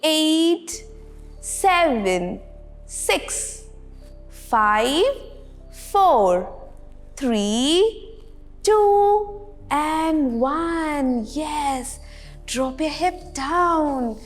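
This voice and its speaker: A woman's voice: high voice, expressive, extremely slow, pauses often, faint music behind. A woman leading a playful yoga class for kids, counting poses aloud and encouraging them. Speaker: yoga instructor.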